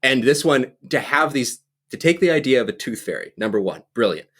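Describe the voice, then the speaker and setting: A man's voice: mid-range voice, fairly quick, husky. Chatty man gushing about a film. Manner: animated, laughs often, acts out scenes. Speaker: podcast co-host. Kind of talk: casual movie chat.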